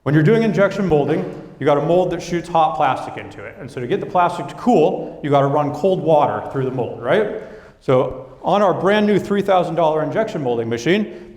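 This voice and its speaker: Young man, business talk, lively storytelling, slightly high voice, echoey hall. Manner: lively storytelling, acting out quoted coworkers. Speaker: business speaker. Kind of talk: presentation to an audience.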